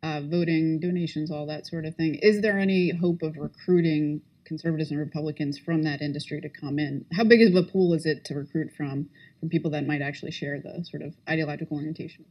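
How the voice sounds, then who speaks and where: A man moderating a policy panel, asking quick, probing questions. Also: on the high side, fairly even intonation, a little mellow, low-quality recording. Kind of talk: panel discussion.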